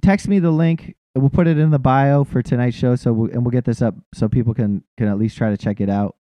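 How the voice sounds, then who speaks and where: A man's voice: mid-range voice, brisk, warm tone, no room sound. A man hosting a podcast in casual chat, laid-back, swearing freely and restarting his sentences. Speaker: podcast host.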